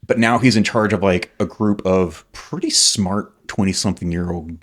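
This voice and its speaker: Man in his 40s, very low voice, loose rambling storyteller who swears a lot. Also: moderate pace. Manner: rambling, leans on "like" fillers, swears freely. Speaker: podcast guest, military veteran. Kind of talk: casual conversational storytelling.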